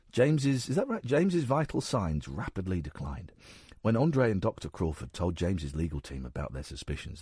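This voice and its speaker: A male radio host reads news items on air and keeps interrupting himself with dry, sarcastic remarks. His voice is very low and husky, yet his pitch swings widely as he talks. The studio sound is close and dry. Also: a little mellow, no echo. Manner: reads stories with sarcastic asides. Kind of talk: casual radio chat, reading news aloud. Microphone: studio microphone.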